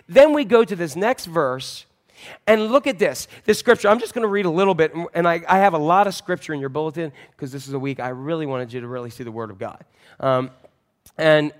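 A male pastor giving a sermon in a church, telling a Bible story in a jokey, self-mocking, animated way on a wireless mic. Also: fairly high pitch.

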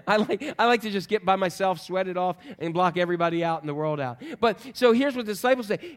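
A pastor with a high voice talks fast with few pauses, delivering a sermon in a chatty, joking way. He keeps quizzing the congregation with questions.

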